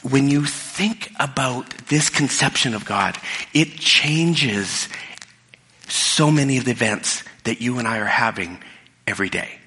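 A bright, forceful mid-range voice carries this middle-aged pastor's sermon at a measured pace. He preaches in a relaxed storytelling way, restarting sentences often, amid the long reverb of a church hall.

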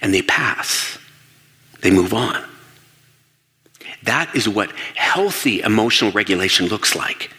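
A man speaks to an audience with energy and a bright, forceful tone. He fires questions at the room and slips into quoted voices to act them out. His voice rings with the long reverb of a large hall. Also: on the low side, expressive, unhurried, pauses often. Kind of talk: lively stage talk.

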